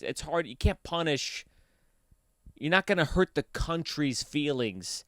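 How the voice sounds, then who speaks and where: A young man hosts his own podcast from a basement, ranting casually and swearing a lot as he swings from heated outbursts to low mumbling. His voice is a bit bright, and the sound is clean studio quality with no room sound.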